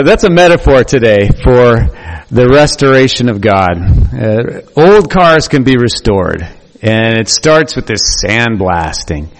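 Man preaching in a reverberant church. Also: fairly low pitch. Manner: conversational, animated preaching with restarts. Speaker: pastor. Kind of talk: sermon. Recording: long reverb of a church hall.

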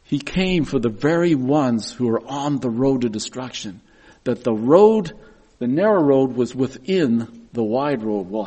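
A man's voice: mid-range voice, a little mellow. A middle-aged man giving a sermon, telling personal stories in an earnest way and often repeating words as he goes. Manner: earnest storytelling with frequent word repeats.

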